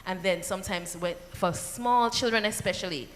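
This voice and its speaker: A woman with a Jamaican accent giving an animated seminar talk to parents, with rhetorical asides and acted-out quotes. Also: mid-range voice, normal speed. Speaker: seminar speaker. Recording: long hall reverb.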